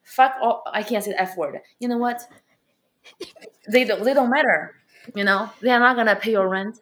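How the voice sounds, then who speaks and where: Woman, non-native English accent, comedian, blunt animated talk, bright tone. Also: medium pitch, fairly quick, a little hiss or hum. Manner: blunt, animated storytelling with quoted voices. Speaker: stand-up comedian, club owner. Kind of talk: casual interview answers.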